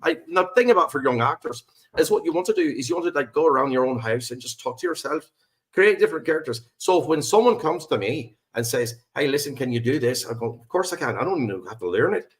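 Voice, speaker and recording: A man's voice: a little high, fast talker. A man, an actor and musician, chatting playfully as a podcast guest. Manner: playful, animated storyteller. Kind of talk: casual podcast interview.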